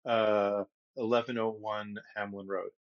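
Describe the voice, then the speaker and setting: A middle-aged man co-hosting a podcast, telling a long story in an animated, rambling way with lots of restarts. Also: fairly low pitch, a little slow, dull audio. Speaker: podcast co-host. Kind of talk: casual storytelling chat.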